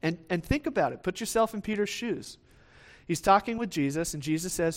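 A man's voice: a little high, moderate pace. Man preaching a conversational sermon. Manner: conversational, with frequent restarts and "right?" asides; acts out the quoted lines of the disciples in lively voices.

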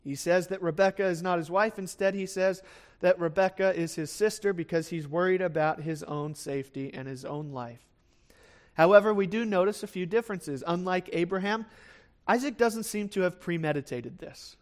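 Speaking at a moderate pace in a high register, a pastor reads scripture and explains it conversationally, using fillers. Now and then he acts out the characters in the passage as part of his expository Bible teaching.

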